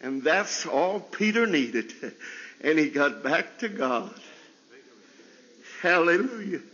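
A man preaching a folksy sermon with a stutter, often laughing and leaping into high bursts. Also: big pitch swings, slow pace, sharp tone, long reverb tail, highs cut off. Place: chapel service.

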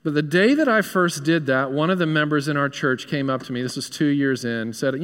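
A man's voice: fairly high pitch, brisk, few pauses, a bit bright, clean tone, in a large hall. A man with a Southern US accent, a pastor preaching an earnest, conversational sermon in a church. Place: church sanctuary.

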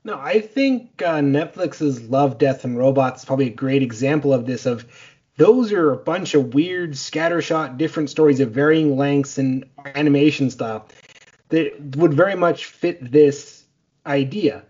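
Husky, fairly high man, eager podcast chat. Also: normal speed, a little mellow, dull audio. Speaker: podcast co-host. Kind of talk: casual chat.

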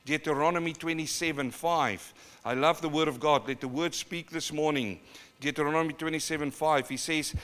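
A pastor with a New Zealand accent, born in South Africa, preaching a live sermon in church and swinging from quiet to loud, dramatic urging. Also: male voice, a little high, steady tone, a little fast, smooth. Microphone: live sermon recording.

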